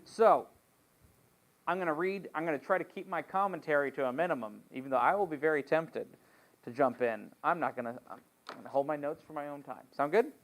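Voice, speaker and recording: A man's voice: fairly high pitch, fairly quick. A man leading a Bible study as pastor, reading scripture and retelling the story in a joking, conversational way with playful asides.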